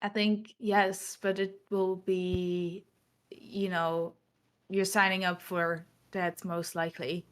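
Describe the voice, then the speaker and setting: A woman's voice: fairly low pitch, little pitch movement, slow pace. A woman playing in a tabletop game, talking in a hesitant way and thinking aloud. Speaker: player. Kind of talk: casual role-play chat.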